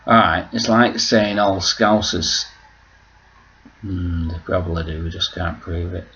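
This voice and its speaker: A man's voice: sits low, flat delivery, unhurried, a bit bright, lo-fi sound, a little hiss or hum. A man vlogging at home, rambling through a joking, self-mocking monologue full of swearing.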